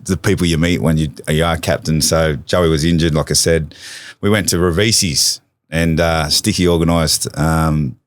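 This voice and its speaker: Tiefe Stimme, australischer Mann. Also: male voice, a bass voice, normal speed, dry recording. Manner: animated anecdotes, acts out quotes with laughter. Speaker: podcast guest, former rugby league captain. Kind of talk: casual storytelling chat.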